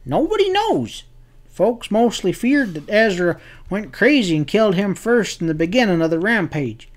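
A man voicing an excitable frontier townsman who spills urgent news in a folksy drawl, for an audiobook western. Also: sits high, normal speed, voice pushed up. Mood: alarmed.

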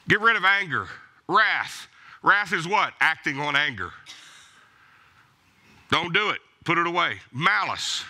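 A man preaching a sermon with a very bright, forceful tone and a high voice that swings widely in pitch. He exhorts his congregation emphatically, hammering points with blunt repeated commands. A pastor in full flow in his own church. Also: sing-song, a little slow, pauses often.

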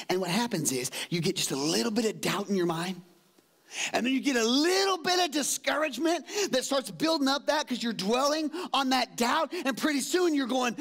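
Middle-aged man, pastor preaching, high voice, energetic, swings between low asides and loud exclaims. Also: moderate pace. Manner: acts out quotes in changed voices. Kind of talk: sermon. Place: church sanctuary.

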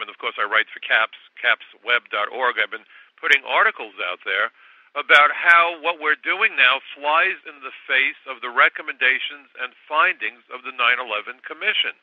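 A man's voice: medium pitch, dry recording. A man in his sixties, a guest on political talk radio, making his case in an emphatic, insistent way with sarcastic asides. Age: 60s. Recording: dry, tinny phone line.

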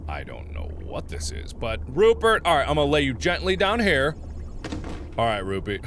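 A man's voice: mid-range voice, normal speed, creaky, slight background noise. A man hosting casual gameplay commentary, joking and laughing often. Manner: animated, jokey, laughs often. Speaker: let's-play host.

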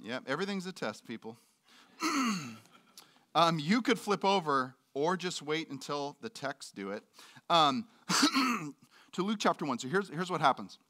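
A man's voice: fairly high pitch, big pitch swings, a little slow, sharp tone. A middle-aged male pastor preaching a sermon in a church, candid and joking, acting out voices in his quotes.

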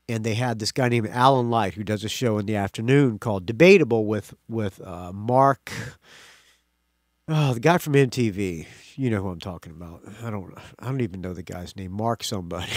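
A man's voice: lowish voice, a little fast, dry recording, clean studio sound. A man hosting his own podcast, talking casually and rambling with many self-corrections, opinionated and sarcastic. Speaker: podcast host. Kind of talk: casual solo podcast rant.

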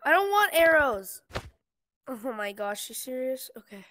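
A young woman commenting casually on her game while playing, excitable and pleading during fights. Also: sits high, a little slow, a little hiss or hum. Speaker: gamer. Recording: loud game sounds behind voice.

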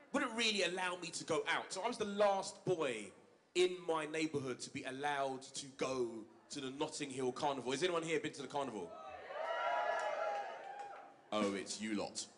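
High-voiced man performing poetry. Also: animated, moderate pace. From East London. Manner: rhythmic, rising to shouted call-outs. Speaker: spoken word poet. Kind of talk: spoken word performance to an audience.

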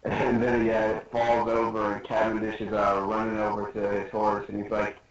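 A young man co-hosting a casual podcast, recapping a comic chapter and acting out the characters' lines in high voices. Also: monotone, moderate pace. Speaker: podcast co-host. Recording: distant, roomy, dull lo-fi sound.

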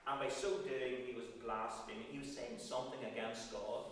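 A man's voice: medium pitch, fairly even intonation, moderate pace, a bit bright, a little hiss or hum. A man preaching a sermon and reading scripture aloud in a church. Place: church hall. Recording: echoey hall, speaker far from mic.

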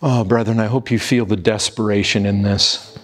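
A man's voice: lowish voice, fairly even intonation, moderate pace. A man preaching an urgent, pleading sermon, often appealing to his listeners as brethren. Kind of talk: fervent sermon.

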